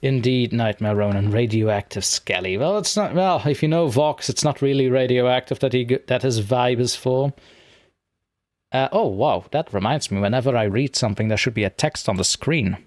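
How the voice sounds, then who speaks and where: A man chatting casually on a live stream, rambling and poking fun at himself as he fumbles with his software. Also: medium pitch, normal speed, dry recording, studio quality. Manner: rambling, self-mocking, talks to himself while fiddling with software.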